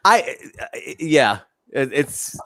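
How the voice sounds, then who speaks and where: A man co-hosting a casual movie review podcast, talking in a lively way with stumbling restarts. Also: mid-range voice, very slow, dry recording. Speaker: podcast co-host.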